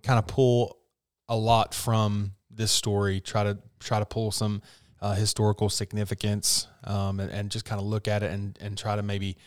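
A man co-hosting a podcast in casual chat, answering with short agreeing words and explaining slowly with hesitations. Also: on the low side, monotone, smooth, dry recording, studio quality. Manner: quick affirming interjections, thoughtful and hesitant when explaining. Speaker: podcast co-host, preacher.

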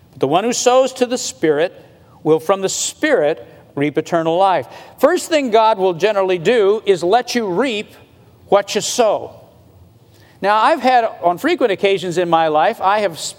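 High-voiced man preaching in a hall. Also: expressive. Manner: conversational preaching, slows to stress points, rises in pitch when emphatic. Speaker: pastor. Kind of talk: sermon.

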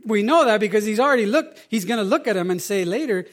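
High-voiced man preaching a lively sermon. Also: fast talker. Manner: animated, conversational preaching with rhetorical questions. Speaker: pastor.

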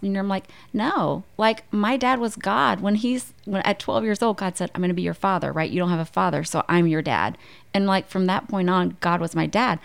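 A woman's voice: medium pitch, moderate pace, vocal fry. A middle-aged woman, a guest author, telling personal stories candidly in a casual faith conversation. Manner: candid, storytelling.

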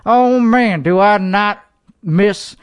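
A man hosting his own podcast in a slow, drawn-out, self-important way. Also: high voice, smooth, no room sound, clean studio sound. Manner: slow, drawn-out, pompous delivery. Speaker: podcast host.

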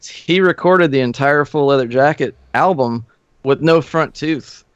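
A man's voice: fairly high pitch, unhurried, clean tone, dry recording. A man who plays in a band, guest on a podcast, telling loose, profane stories and acting out the voices of people in them. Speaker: guest musician. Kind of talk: casual storytelling chat. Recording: dull, muffled podcast audio.

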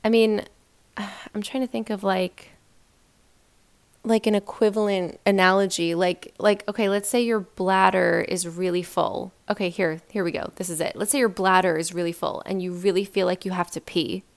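A woman's voice: medium pitch, fairly even intonation, moderate pace. Chatty woman podcasting solo. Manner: chatty and emphatic, many fillers and rhetorical questions. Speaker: podcast host. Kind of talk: casual solo podcast monologue.

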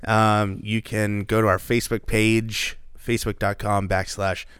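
A man's voice: lowish voice, flat delivery, unhurried, a bit bright, clean tone, no echo, studio quality. Rambling, jokey male podcast host. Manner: rambling, jokey, lots of fillers. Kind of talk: casual chat.

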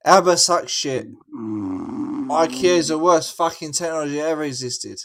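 A man's voice: on the high side, expressive, a little slow, fairly bright tone, a little hiss or hum. Drunk English man, rowdy and crude. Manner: rowdy, crude, slurring banter. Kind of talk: casual voice chat.

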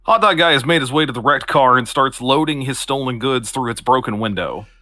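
A man reads stage directions for a comedy sketch in a dry, matter-of-fact way. His voice is bright and forceful, sitting at a middle pitch. The sound is dry and close. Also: a little fast, no room sound. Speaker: podcast co-host. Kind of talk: reading scene narration for a comedy sketch.

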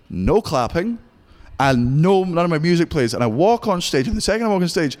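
A Scottish man in his thirties, a stand-up comedian in interview who talks in a profane, rapid storytelling way. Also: a little high, expressive, darkish tone, in a large hall. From Scotland. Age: 30s. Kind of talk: candid interview chat.

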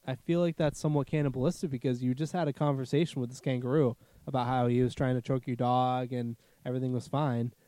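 A man's voice: mid-range voice, fairly even intonation, fast, few pauses, dark tone, no echo. A man in casual, profane chat who laughs a lot and slips into silly animal voices.

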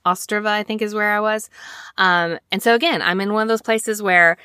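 A woman's voice: medium pitch, steady tone, brisk, bright, forceful tone, clean tone, dry recording, clean studio sound. A woman in her thirties from Alabama hosts a casual scripture lesson, telling stories in a chatty, rambling way with little asides. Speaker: scripture study podcast host.

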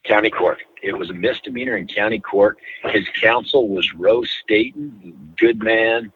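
A middle-aged man, a former prosecutor, telling a case story in a measured, deliberate way during an interview. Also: fairly low pitch, very animated, gravelly, breathy edge. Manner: measured, deliberate, stretches words for emphasis. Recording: tinny phone-like line.

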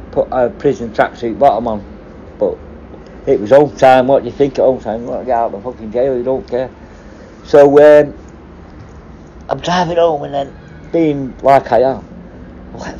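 A middle-aged man spins loose, profanity-laced stories about prison work, chuckling as he goes. His voice is mellow and dark in tone. The recording is a little dull and lo-fi, with a faint hiss underneath. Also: medium pitch. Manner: sweary, rambling, laughs at his own stories. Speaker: former prison officer and hostage negotiator. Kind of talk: casual storytelling.

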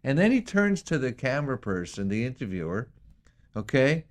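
Rambling excitable male co-host. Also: mid-range voice, normal speed. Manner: rambling, excitable, repeats words. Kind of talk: casual chat show talk.

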